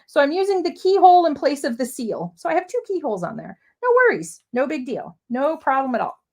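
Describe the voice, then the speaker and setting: A woman's voice: sits high, very animated, fast, creaky, darkish tone. A woman leading a live craft-along, chatting in an upbeat way as she works through each step. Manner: chatty, upbeat, talks while working. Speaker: craft demonstrator.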